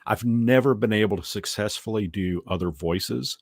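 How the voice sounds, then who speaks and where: A man's voice: lowish voice, normal speed, no echo, clean studio sound. A middle-aged man hosting a casual chat, hesitant and often repeating words as he searches for them. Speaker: host.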